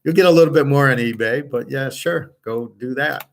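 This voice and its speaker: A man's voice: mid-range voice, brisk, creaky. Rambling, blunt man talking casually. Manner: rambling, blunt, swears freely, many fillers. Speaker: host of a picks and markets channel.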